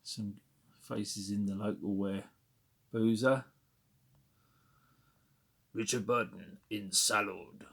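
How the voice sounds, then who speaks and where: A man in his forties from Britain, chatting casually and wryly about his film memorabilia, rambling and correcting himself as he goes. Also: lowish voice. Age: 40s. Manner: rambling, self-correcting, wry. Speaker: collector showing memorabilia. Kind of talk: casual chat.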